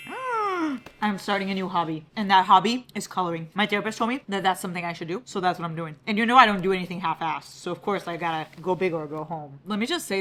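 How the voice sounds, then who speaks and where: Profane, excitable young man vlogger. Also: high voice. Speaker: book vlogger. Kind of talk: casual chat.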